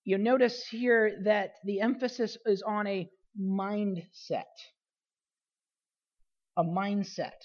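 A woman pastor delivers a sermon at a middle pitch, pressing on key phrases and repeating them. Her phrases often trail down and soften at the ends. The recording is a little dull and lo-fi. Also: steady tone, slow pace, long pauses.

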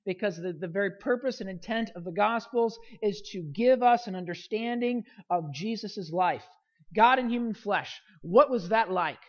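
Preacher working through a Gospel passage with earnest, building emphasis, mid pitch, muffled lo-fi audio. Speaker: pastor. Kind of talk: sermon.

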